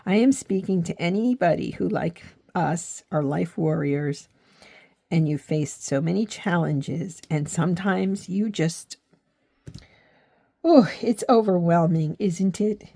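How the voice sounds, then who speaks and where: Speaking slowly in a warm, gravelly, rather low voice, a middle-aged woman from the US chats from the heart while crafting. She vlogs about craft and faith, and at moments she turns reflective and almost cries. The recording is dry.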